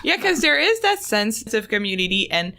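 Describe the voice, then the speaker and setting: Bright-voiced woman co-hosting a podcast. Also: mid-range voice, big pitch swings, normal speed, gravelly. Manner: supportive, frequent agreeing murmurs. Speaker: co-host. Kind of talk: casual chat.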